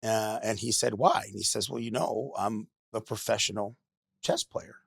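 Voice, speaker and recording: Gravelly low-voiced man, halting storytelling. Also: fairly even intonation, dry recording, clean studio sound. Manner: halting, many restarts and repeated words. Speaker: podcast guest. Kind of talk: candid personal storytelling.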